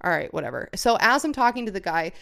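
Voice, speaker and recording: A young woman co-hosting a podcast, telling a story in casual chat, animated, swearing often and acting out what people said. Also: medium pitch, fast, vocal fry. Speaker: podcast co-host.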